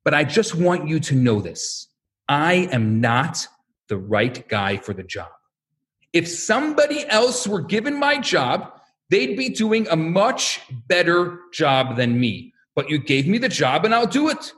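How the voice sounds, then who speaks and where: A man doing a humble prophet, earnest and self-doubting, low pleading tone but still with a lively lilt in his pitch. he sounds like a storyteller lowering his voice for the part. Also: unhurried.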